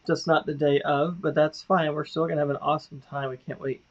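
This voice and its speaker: A man's voice: fairly high pitch, flat delivery, fairly quick. A man co-hosting a travel livestream in casual chat, chatty and laughing often. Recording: dull lo-fi livestream audio.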